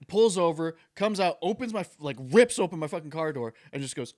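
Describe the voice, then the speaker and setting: Young male podcast co-host, slightly high, swings in pitch, teasing and profane. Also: lively intonation, a little fast, a little mellow. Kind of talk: casual chat, storytelling.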